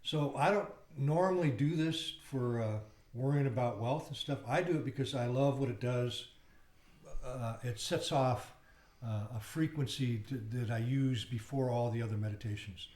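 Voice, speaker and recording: A man's voice: mid-range voice, normal speed, darkish tone. A man teaching a yoga class, explaining technique in a loose, rambling way with fillers and breaking into repeated chants. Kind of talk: guided yoga class instruction. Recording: roomy with faint background noise.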